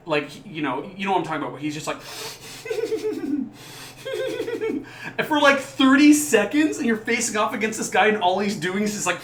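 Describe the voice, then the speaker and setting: A man's voice: high voice, fairly bright tone, echoey room. A man co-hosting a casual podcast, talking enthusiastically and rambling between points. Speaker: podcast co-host. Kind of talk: casual chat.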